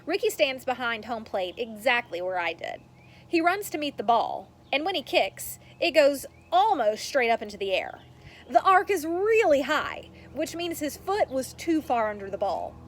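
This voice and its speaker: Woman, children's read-aloud, expressive, high-pitched, animated. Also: normal speed, a little hiss or hum. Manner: expressive, talks to young listeners. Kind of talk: reading a children's book aloud.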